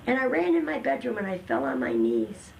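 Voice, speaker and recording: An older woman telling her personal testimony in an earnest, emotional way, with slow dramatic pauses. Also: medium pitch, huge pitch swings, vocal fry, a little hiss or hum, poor audio. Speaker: testimony guest.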